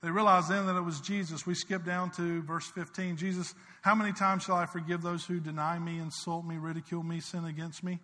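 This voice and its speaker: A man preaching a sermon as pastor. He rises to loud, urgent swells and drops to quiet, intimate passages. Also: fairly high pitch, little pitch movement, brisk, few pauses. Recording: long hall reverb.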